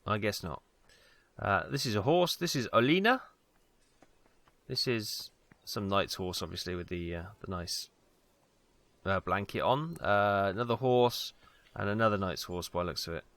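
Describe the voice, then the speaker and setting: Gravelly, rambling British let's-play host. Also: male voice, on the low side, animated, moderate pace, fairly bright tone, dry recording. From Wales. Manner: rambling, hesitant, many ums and asides. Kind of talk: casual gameplay commentary.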